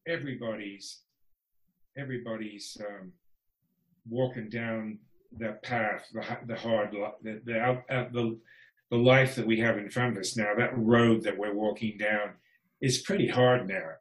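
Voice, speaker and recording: A man's voice: lowish voice, steady tone, a little slow. A man talking as a podcast guest in casual conversation, wry and frank, laughing often. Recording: echoey room.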